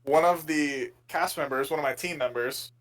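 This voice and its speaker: Podcast co-host, a man with a higher voice; relaxed joking banter and rambling anecdotes. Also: moderate pace, rough recording. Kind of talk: casual sports chat.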